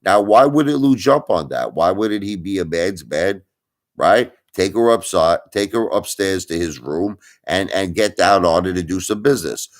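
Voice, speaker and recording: Deep-voiced middle-aged man ranting on a stream. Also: lively intonation, normal speed. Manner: insinuating, rhetorical, repeats himself. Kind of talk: livestream commentary.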